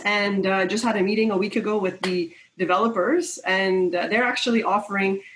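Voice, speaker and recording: A woman's voice: mid-range voice, fairly even intonation, a little fast, a bit bright, slight background noise, rough recording. A woman real estate broker from Quebec, a guest on a video call from home, talking in a friendly, chatty way. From Quebec, Canada. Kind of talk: casual webcast talk.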